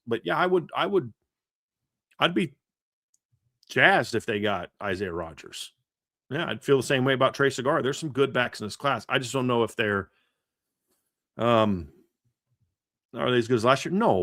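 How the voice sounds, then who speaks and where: A man in his thirties hosting a sports podcast, rambling through stories with plenty of fillers and false starts. His voice sits at an ordinary middle pitch, recorded close and dry with no room sound. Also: no echo. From grew up a Reds fan in the American Midwest. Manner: animated storyteller, frequent restarts and fillers. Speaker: podcast host. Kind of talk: casual sports podcast chat.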